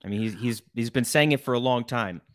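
A man's voice: mid-range voice, fast talker, fairly bright tone. A man interviewing a guest, asking short conversational questions.

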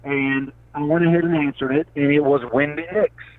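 Man, Appalachian accent, interview guest, folksy storyteller, somewhat high voice, tinny phone line. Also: normal speed. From southwest Virginia, Appalachia. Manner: animated storytelling, says man and brother. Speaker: guest, sports reporter. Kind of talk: casual interview.

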